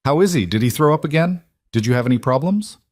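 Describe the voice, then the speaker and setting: Man reading as a single mom, a bit raised pitch, earnest, emotional, dry close sound. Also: animated, quick pace, darkish tone, no room sound. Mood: worried. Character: anxious grateful single mother, adult woman.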